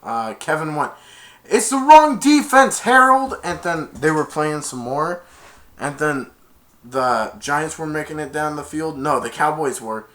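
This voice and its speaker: In an unhurried, casual retelling, a man reviewing a film runs through what happens, one "and then" after another. He punctuates it by shouting out character lines in a high, loud voice.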